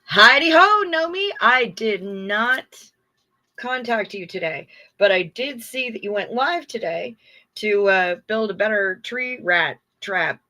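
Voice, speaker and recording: A woman's voice: mid-range voice, slow, pushed and bright. A middle-aged woman hosting a livestream in casual chat, effusive and chatty as she reads viewer comments aloud. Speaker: livestream host.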